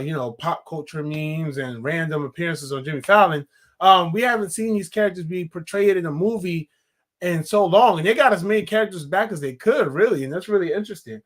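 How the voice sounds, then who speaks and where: A man's voice: high voice, a bit bright. A man giving a casual, rambling spoken film review, with lots of fillers and restarts.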